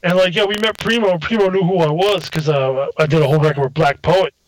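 High-voiced man talking loose and profane. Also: fairly even intonation, quick pace, no echo, poor audio. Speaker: music producer guest. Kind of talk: casual podcast chat.

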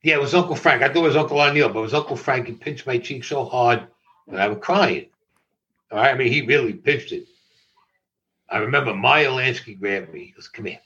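Older New man, animated storyteller. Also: mid-range voice, brisk, lo-fi sound. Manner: animated, laughing, swearing freely. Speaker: interviewee. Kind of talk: storytelling in conversation.

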